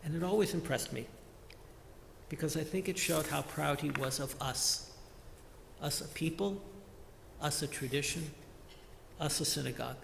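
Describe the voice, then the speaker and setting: A man giving a measured, reflective funeral eulogy as a lay service leader in a large synagogue sanctuary. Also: on the high side, steady tone, vocal fry, background noise. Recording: echoey hall with long reverb.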